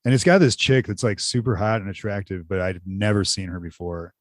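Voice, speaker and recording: A man's voice: on the low side, a little fast, no echo, clean studio sound. A man co-hosting a podcast in casual chat, rambling loosely and full of "like" fillers. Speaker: podcast co-host.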